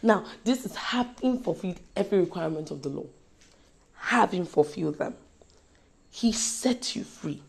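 A woman preaching a sermon, repeating lines and swinging between forceful and soft delivery. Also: on the low side, animated, moderate pace, vocal fry.

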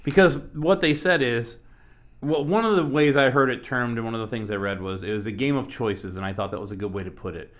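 A man co-hosting a casual retro gaming podcast. He talks in loose, rambling runs, restarting his sentences and jumping back in with animated bursts. His voice sits at an ordinary pitch for a man. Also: brisk. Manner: rambling, animated, self-interrupting. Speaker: podcast co-host. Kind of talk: casual podcast chat about retro games.

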